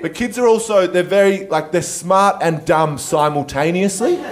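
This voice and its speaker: A young adult man with an Australian accent doing stand-up comedy, conversational and animated, with a lot of swearing. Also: sits high, moderate pace. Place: comedy stage.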